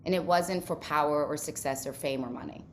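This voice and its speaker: A woman's voice: low-pitched, brisk, slight background noise. A woman from Ukraine, a guest in a casual interview, speaking earnestly in long run-on thoughts.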